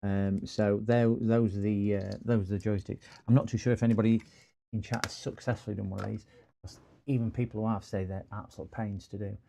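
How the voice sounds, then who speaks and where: A man's voice: on the low side, little pitch movement, a little fast, vocal fry, dark tone. A man hosting a repair livestream, chatting casually and rambling with lots of fillers. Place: home workshop.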